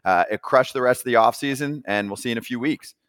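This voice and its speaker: A young man from New Jersey hosting a casual sports betting chat, talking in a chatty, animated way. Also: mid-range voice, fast talker, smooth, no room sound, clean studio sound. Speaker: sports betting podcast host.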